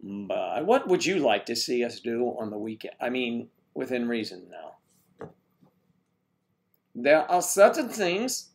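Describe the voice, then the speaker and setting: A man's voice: mid-range voice, animated, unhurried, creaky, darkish tone. A man hosting a casual live stream, rambling and joking as he greets viewers and reads their comments aloud.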